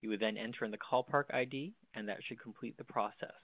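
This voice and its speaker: A man's voice: mid-range voice, steady tone, fast, no room sound. Man, tutorial presenter, step-by-step explaining, dry tinny phone-like sound. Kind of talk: instructional walkthrough.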